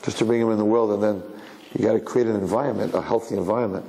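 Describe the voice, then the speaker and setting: A man, a rabbi, giving a conversational sermon as an animated storyteller who acts out voices. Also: fairly low pitch, racing. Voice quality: gravelly. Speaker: rabbi lecturing. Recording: reverberant hall, faint background noise.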